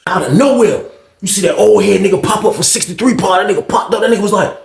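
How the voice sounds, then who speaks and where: A man telling a prison story to his viewers in casual, profane street slang with animated delivery. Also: sits high, quick pace, gravelly. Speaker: vlogger, storyteller. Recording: echoey room.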